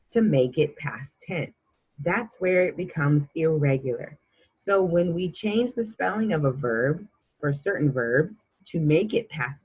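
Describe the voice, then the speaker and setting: A woman's voice: low-pitched, husky, lo-fi sound. A woman teaching a grammar lesson to children, patient and encouraging as she quizzes the listener.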